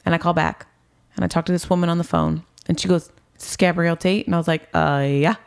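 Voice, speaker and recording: Fast-talking and lowish in pitch, with vocal fry and a clean tone, a woman in her twenties keeps her intonation fairly even as she tells an interviewer her personal story. It's casual, heavy on "like" and "um", with past dialogue acted out.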